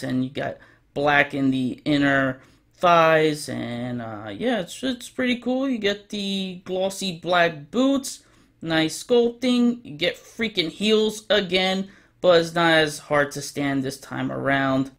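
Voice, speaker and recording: A man's voice: on the high side, a bit bright. A young man giving a casual, chatty review of an action figure as the channel's host. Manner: chatty, informal, with fillers.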